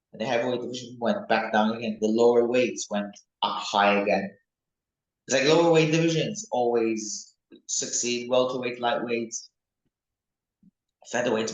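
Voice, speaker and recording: A young man, a mixed martial arts fighter, talking casually and excitedly in an interview, rambling from one thought to the next. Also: mid-range voice. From United Kingdom. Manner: rambling, excitable, animated when recalling fights. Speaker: MMA fighter, interview guest. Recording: echoey room.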